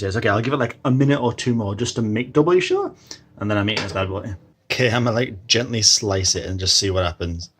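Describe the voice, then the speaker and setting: Young British male vlogger, rambling and chatty, medium-pitched, camera-held home tour. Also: fairly bright tone, breathy edge. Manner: chatty, rambling, exclaims and laughs at himself. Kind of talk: casual vlog tour. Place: a house, indoors.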